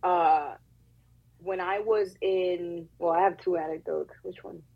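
Husky-voiced woman telling a candid story. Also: on the low side, steady tone, slow, dull audio. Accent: Puerto Rican. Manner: candid, profane, emotional storytelling with acted-out quotes. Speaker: actress guest. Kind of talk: casual podcast storytelling.

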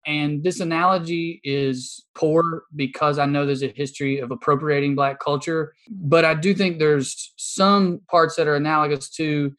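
A man's voice: a little high, steady tone, normal speed, few pauses, a bit bright. A man with a Southern US accent, a comedian and podcast guest, speaking his opinions bluntly and with some swearing in a candid interview. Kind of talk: candid conversation.

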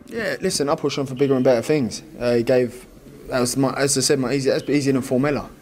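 Un jeune boxeur à l'britannique qui répond en interview d'après-combat sur un ton détendu et un brin moqueur, entre deux rires. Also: male voice, mid-range voice, fast, darkish tone, a little hiss or hum. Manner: casual, laughs often, dismissive. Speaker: boxer. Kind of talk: post-fight interview.

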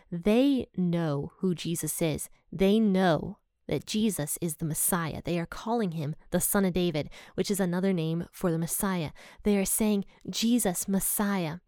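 A woman's voice: fairly low pitch, mellow, no echo, studio quality. A woman teaching from the Bible in a casual, personal, earnest way. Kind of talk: casual devotional talk.

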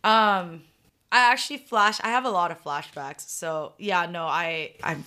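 Loud, animated woman telling stories. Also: on the low side, a little slow, smooth. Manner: loud, animated, laughs often, acts out quotes. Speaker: professional golfer, podcast guest. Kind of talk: casual interview storytelling.

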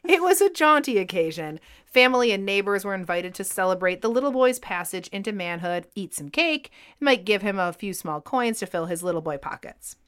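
Brief: a woman podcast co-host, mid pitch, reading scripted history narration clearly. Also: expressive, a little fast, hardly any pauses, fairly bright tone.

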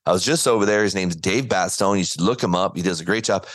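Earnest low-voiced man telling a story. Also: fast, dry recording. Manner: earnest, animated storytelling with acted quotes. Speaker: guest, former baseball pitcher. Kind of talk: conversational interview.

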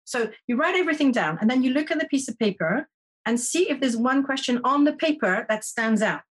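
A woman's voice: sits high, lively intonation, fairly quick, slightly rough. A woman who teaches intuition, a guest on a podcast, explaining her ideas earnestly with frequent restarts. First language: French. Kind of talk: conversational interview.

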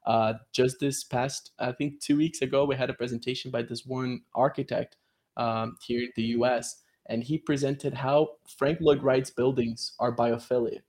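A man's voice: mid-range voice, steady tone, normal speed, a little mellow. A man on a video call explaining his work with real enthusiasm, laughing often as he goes. His talk is loose and chatty, full of "you know" and "right". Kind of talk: casual explanatory chat.

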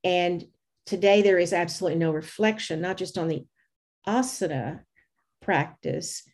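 An older woman with a soft Southern American accent, talking in a measured, unhurried way. Her voice sits a little low for a woman, and she lays out each thought carefully, as a guest in a relaxed interview. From United States. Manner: measured, slow, thoughtful delivery. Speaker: yoga teacher, interview guest. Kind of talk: reflective conversational interview.

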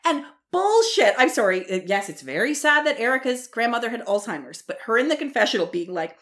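A woman's voice: on the high side, sing-song, fairly quick, few pauses, fairly bright tone. A woman co-hosting a casual chat, heated and swearing freely as she recaps and acts out what others said. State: worked up from iced coffee. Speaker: podcast co-host.

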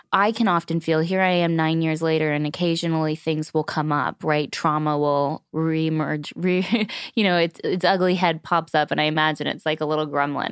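Smooth-voiced woman hosting a podcast. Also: deep voice, moderate pace, few pauses, no room sound, studio quality. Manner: earnest, open, animated when retelling talks. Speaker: podcast host. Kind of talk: candid conversational interview.

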